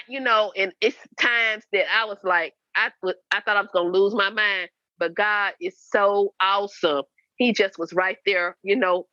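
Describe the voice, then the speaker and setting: In a bright, forceful, medium-pitched voice, the host's mother, a guest in her fifties, tells her daughter about her life. The candid account is earnest and repetitive, at times preachy, and the lo-fi recording is dry, slightly dull, and echo-free.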